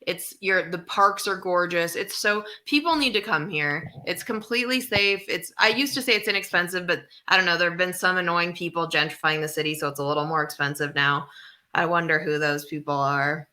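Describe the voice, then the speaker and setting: A woman's voice: on the low side, a little fast, pushed and bright. A woman co-hosting a comedy podcast, chatting casually and wryly, rambling through stories over a remote call. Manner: wry, rambling storyteller. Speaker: podcast co-host. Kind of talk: casual chat. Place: home in Mexico City.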